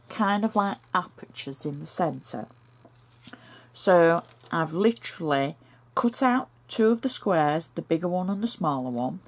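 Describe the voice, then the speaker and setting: A woman with a northern English accent talking through a card-making project step by step in a chatty, homely way. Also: deep voice. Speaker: crafter demonstrating a card project. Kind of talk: step-by-step craft tutorial.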